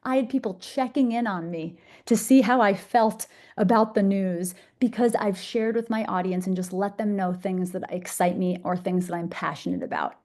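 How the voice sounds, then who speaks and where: A woman's voice: mid-range voice, moderate pace, hardly any pauses, a little mellow. A young woman presenting a masterclass, bubbly, enthusiastic and conversational. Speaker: social media speaker.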